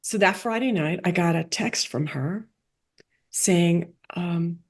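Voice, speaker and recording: A woman being interviewed, telling a story in a lively way that acts out quoted dialogue with big jumps in pitch and drops into soft, quiet asides. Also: slow pace, husky. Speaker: guest, coach for rabbis and playwright.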